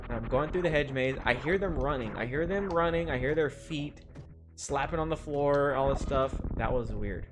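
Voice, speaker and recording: A man's voice: medium pitch, normal speed. A young man streaming a game from home, telling a long story in a rambling, casual way, full of "like" fillers and chuckles. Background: game music.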